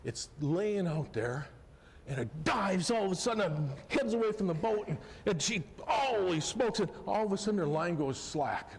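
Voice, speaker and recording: A middle-aged man telling a personal fishing story on a festival stage, folksy and animated, swinging from hushed to loud excitement. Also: high voice, normal speed, a little hiss or hum. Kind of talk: live storytelling performance. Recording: live hall recording with long reverb, faint ambience.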